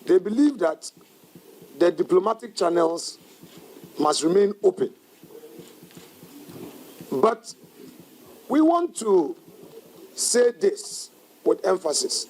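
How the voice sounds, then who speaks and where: A man with a fairly high voice speaks at a press conference. He talks in a measured, deliberate way, leaning into firm, defiant emphasis as he makes his points. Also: very animated, darkish tone, slight background noise, rough recording. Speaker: minority caucus leader at a press conference.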